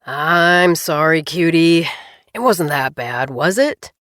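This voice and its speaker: A woman voicing a cheerful, eager husband who flies the plane and yells reassurances over the noise. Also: low voice, animated, slow, no room sound, studio quality, full character voice. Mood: apologetic. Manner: hollering over engine, upbeat and reassuring.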